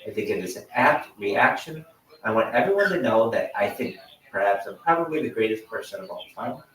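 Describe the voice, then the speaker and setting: A man's voice: on the low side, lively intonation, a little fast, a bit bright, echoey room, distant mic, poor audio. A young man doing over-the-top, profane, mock-grandiose hype commentary on a livestream.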